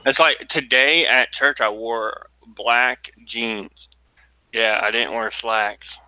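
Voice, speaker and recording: A man speaking slowly with a very bright, sharp tone. He jokes in a mock-solemn way. His voice is dry and close, as on a call. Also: medium pitch, steady tone, clean tone, no room sound, poor audio. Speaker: guest. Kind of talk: casual chat on a live stream.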